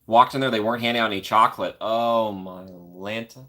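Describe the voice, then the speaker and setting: A man's voice: mid-range voice, fairly even intonation, fast talker, sharp tone. Friendly young man chatting on a stream. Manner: friendly, rambling, reads viewer comments aloud. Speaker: live streamer. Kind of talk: casual live stream chat. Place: corner of an apartment.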